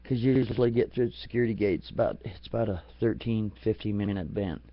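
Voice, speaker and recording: Talking fast in a fairly low voice, a man delivers a crude, profane comedic rant to a stream, often cracking up at his own jokes. The dull lo-fi home recording has no room sound.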